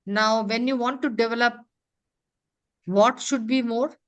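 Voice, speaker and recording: A woman's voice: a little high, steady tone, a bit bright, muffled recording. Woman trainer. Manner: quizzes the class with quick questions, leans on "you know" and "huh?". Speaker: corporate trainer. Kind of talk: interactive classroom lecture.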